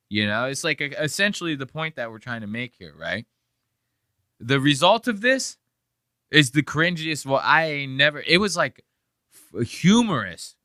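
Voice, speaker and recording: Bright-voiced profane podcast host man. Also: fairly high pitch, very animated, normal speed, no room sound, studio quality. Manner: profane, rambling, laughing asides. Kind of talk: casual chat reacting to clips.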